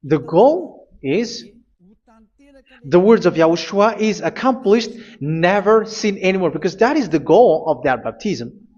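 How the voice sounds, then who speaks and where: Male preacher, somewhat high voice, halting delivery that reads scripture out, muffled lo-fi recording. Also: lively intonation, darkish tone. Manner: halting, repeats phrases, reads scripture aloud. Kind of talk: sermon.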